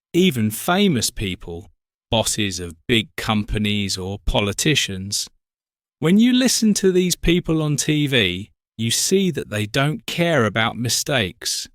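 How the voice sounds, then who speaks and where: Slow, clear male story narrator. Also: medium pitch, fairly bright tone, no echo, clean studio sound. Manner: slow, clear, simple sentences. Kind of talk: graded-reader story narration for learners.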